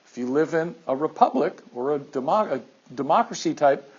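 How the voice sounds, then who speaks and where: A man teacher giving an animated classroom lecture, firing questions at his students. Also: a little high, moderate pace, breathy edge, muffled recording.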